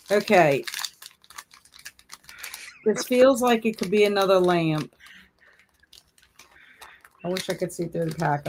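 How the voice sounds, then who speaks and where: A woman's voice: on the low side, slight background noise. A woman hosting a casual reading livestream, chatting along and sighing in mock-dramatic dismay. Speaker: livestream host. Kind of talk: casual chat on a reading stream.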